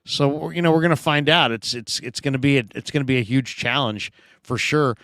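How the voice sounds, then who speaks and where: Here the sports show host talks fairly quickly in a mid-range, fairly bright voice, chatting about football and reading viewer comments with playful asides. The recording is dry and studio quality.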